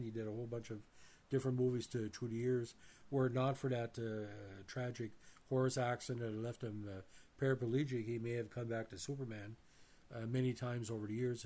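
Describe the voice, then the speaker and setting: A man hosting a movie review channel, reading off a bio and then giving his opinions, with frequent uh fillers and restarts. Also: mid-range voice. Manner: addresses viewers as ladies and gentlemen.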